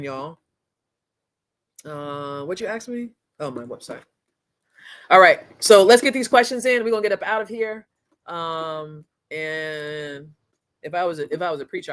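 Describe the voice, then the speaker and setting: Chatty, slangy woman coaching a livestream. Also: low-pitched. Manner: chatty, energetic, slangy, talks straight to viewers. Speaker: course instructor and livestream host. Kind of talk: casual live-streamed training.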